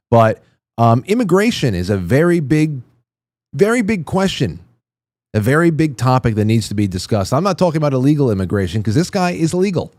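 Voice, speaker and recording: Male show host, mid-pitched, close dry mic, indignant and profane political rant. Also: darkish tone, no room sound. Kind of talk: opinionated political commentary.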